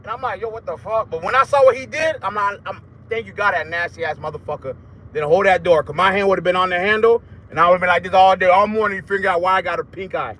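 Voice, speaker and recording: A man with a high-sitting voice talks fast while hosting a live stream, chatting casually. He's loud and profane, telling crude stories punctuated by swearing and laughter.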